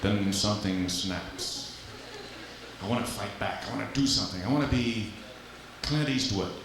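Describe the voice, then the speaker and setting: A man from Louisiana doing live stand-up comedy on a club stage, with a punchy, animated delivery and vocal sound effects. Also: fairly low pitch, moderate pace, noisy background. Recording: echoey live club recording. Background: audience laughter.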